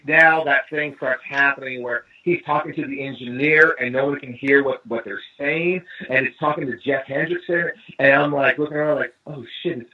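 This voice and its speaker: A man's voice: a little high, husky. A man from East Los Angeles, a drummer guesting on an interview, telling a long anecdote and acting out the voices of the people in it, heard over a phone line. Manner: lively storyteller acting out quoted dialogue. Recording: tinny phone-line call.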